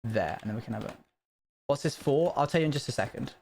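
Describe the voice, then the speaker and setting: A man streaming a building game live, chatting casually to his viewers and breaking into panicked high-pitched bursts when something goes wrong. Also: expressive, quick pace, vocal fry, darkish tone, slight background noise.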